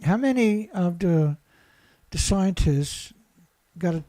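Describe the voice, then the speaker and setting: Taking it slowly, a Canadian environmental commentator with a high, dark-toned voice stays animated as he rants over news clips. He reads the reports and mocks them with profanity and sarcasm.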